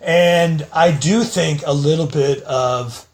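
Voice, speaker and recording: A man's voice: a little high, slow. A man hosting a comedy podcast, chatting casually in an agreeable, reflective way and often giving brief assents. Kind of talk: casual chat.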